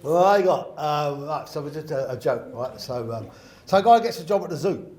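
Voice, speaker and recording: A man's voice: a little high, animated, normal speed, a little mellow. A man, a guest comedian telling a joke in a casual, rambling way. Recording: echoey room.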